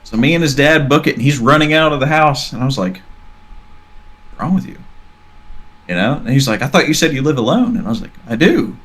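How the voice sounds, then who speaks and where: A man's voice: mid-range voice, rapid-fire, hardly any pauses, a bit bright. A man telling a long, rambling story in casual podcast chat, acting out the dialogue as he goes. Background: faint background music.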